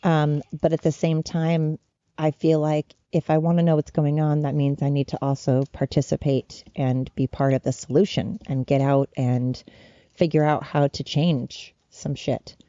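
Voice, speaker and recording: A woman's voice: sits low, little pitch movement, a little slow, warm tone, no echo, dull audio. A woman hosting a solo podcast from home, ranting in a profane, rambling, worked-up way. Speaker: podcast host. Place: at home with her dogs.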